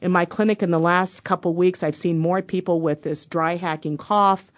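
A woman's voice: on the low side, normal speed. A woman in her fifties, a doctor hosting a radio show, telling a story in a studio and acting out the quotes. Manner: animated, acts out the quotes she tells. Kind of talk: casual storytelling monologue.

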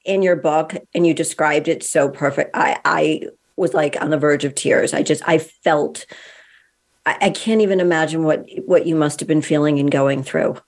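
Low-voiced lady host, sympathetic, kinda halting when she talks. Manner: sympathetic, hesitant listener. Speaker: podcast host. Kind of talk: interview conversation.

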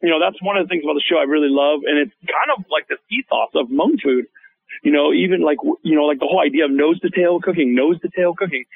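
A man with a high, gravelly voice tells animated stories on a radio talk show. He speaks as a chef, uses plenty of fillers, and acts out what others said. His voice comes through a thin, phone-like line. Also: fast. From Hmong American. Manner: animated storyteller, acts out quotes, many fillers. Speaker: chef and TV show host, guest. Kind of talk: casual radio interview storytelling. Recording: phone-line guest audio.

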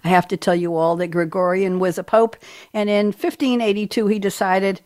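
Woman with a New York accent, radio talk show host, playful rambling chatter, slightly low voice. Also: fairly quick, darkish tone. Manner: playful, rambling, jokey asides.

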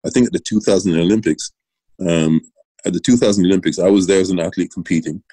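A middle-aged British former Olympian and coach, speaking as an interview guest, rambles fast through anecdotes of his coaching days, restarting, circling back and laughing. His very low voice is mellow and dark. The recording is close, dry, without room sound, and low in quality.

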